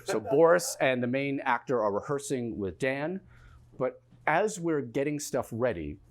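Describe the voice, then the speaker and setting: Animated New comedian telling a story. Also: male voice, medium pitch. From New York. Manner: animated, stumbling over words in excitement. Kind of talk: one-man comedy storytelling. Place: theatre stage.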